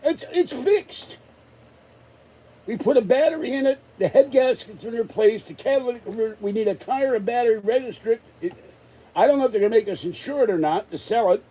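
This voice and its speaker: A man's voice: extremely high pitch, quick pace, dark tone, husky, poor audio. A man ranting in a rambling, exasperated way during a casual live-stream chat, still recovering from an illness. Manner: exasperated, rambling rant with many restarts. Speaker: vlogger.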